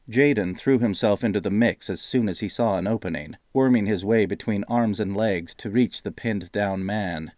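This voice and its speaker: Man, audiobook narrator, low voice, measured, dry studio sound. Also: darkish tone, no room sound. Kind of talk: scripted fantasy narration.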